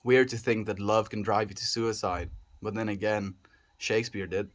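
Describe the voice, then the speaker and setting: A man's voice: lowish voice, steady tone, normal speed. A man livestreaming, chatting casually with his viewers, reading their messages aloud and musing in a reflective way. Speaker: daily livestreamer.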